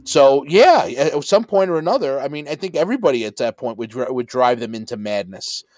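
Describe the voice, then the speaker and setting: A man co-hosting a podcast in casual chat, animated, swearing freely and acting out movie lines. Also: medium pitch, brisk, no room sound. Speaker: podcast co-host.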